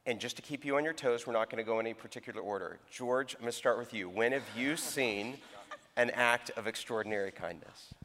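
A man's voice: mid-range voice, fairly quick, noisy background. Upbeat man leading a church gathering. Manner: upbeat and encouraging, with fillers. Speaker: church service leader interviewing students. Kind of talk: live church talk. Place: church sanctuary. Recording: echoey hall.

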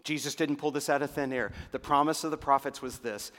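A man preaching a sermon, his delivery swelling to fervent emphasis and then dropping to hushed, near-whispered lines. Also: medium pitch, fairly even intonation, fairly quick. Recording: long reverb of a large hall.

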